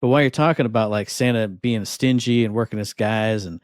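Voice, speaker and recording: A man co-hosting a podcast who tells a casual story in a playful, animated way. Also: fairly low pitch, a little fast, no echo, clean studio sound. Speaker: podcast co-host.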